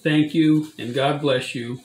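A man's voice: a little high, fairly even intonation, takes it slowly, a little mellow. Solemn man reading prophecy, echoey room. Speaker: channel host sharing prophecy. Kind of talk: solemn read-aloud prophetic message.

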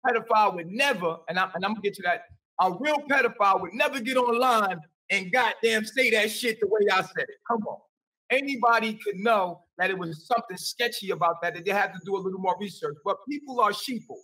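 High, bright man talking from afar. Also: fast talker, distant mic, low-quality recording. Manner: rambling, repeats himself, defensive. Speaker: interview guest. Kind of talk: defensive conversation on a call.

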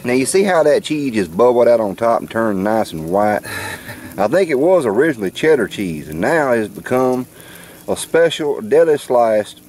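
A man's voice: medium pitch, big pitch swings, moderate pace, darkish tone. A man, filming a campout and presenting the food to camera in a folksy, joking way. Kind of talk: casual show-and-tell narration to camera. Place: outdoor campsite.

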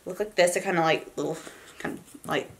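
A young woman vlogger gushing and rambling excitedly about her shopping haul, with many fillers and asides. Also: fairly low pitch, fast talker, slight background noise. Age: young adult. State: college freshman. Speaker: beauty vlogger. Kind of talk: casual haul vlog.

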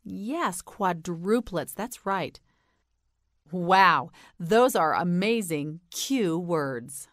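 A woman with an American accent teaching English pronunciation, slowly enunciating and repeating words for learners to say back. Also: on the low side, expressive, a bit bright, no echo, studio quality. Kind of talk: slow drilled vocabulary lesson.

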